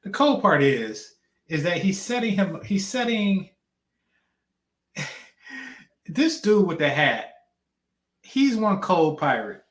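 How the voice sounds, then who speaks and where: A man's voice: high voice, sing-song, takes it slowly, pauses often, roomy sound. A man hosting a reaction channel, giving blunt, slangy commentary on a clip.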